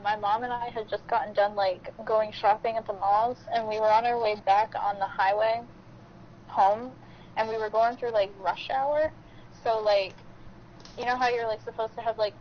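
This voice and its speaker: A woman's voice: on the high side, a little hiss or hum. Chatty woman on a lo-fi podcast. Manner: chatty, heavy on "like". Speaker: podcast co-host. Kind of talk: casual storytelling chat. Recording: dull lo-fi podcast audio.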